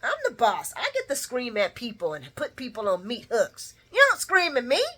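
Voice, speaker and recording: A woman's voice: on the high side, wildly swooping pitch, normal speed, pushed and bright, slight background noise, exaggerated voice. A woman mimicking a brash male mob boss who snaps bossy, profane orders in slang.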